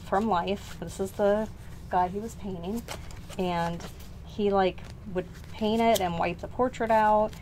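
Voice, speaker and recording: A woman's voice: mid-range voice, darkish tone, a little hiss or hum, low-quality recording. A middle-aged woman hosting a casual vlog, showing old artwork, rambling and correcting herself, short of breath. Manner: rambling, self-correcting, unsure recollections. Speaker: art channel host. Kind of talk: casual show-and-tell vlog.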